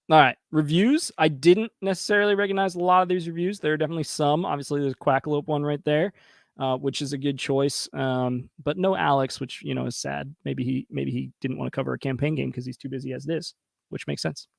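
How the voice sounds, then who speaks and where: A man's voice: fairly high pitch, fairly quick, gravelly, no room sound, studio quality. Chatty man reviewing game pages. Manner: chatty, laughs easily, reacts to viewers. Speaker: host reviewing crowdfunding pages. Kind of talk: casual commentary.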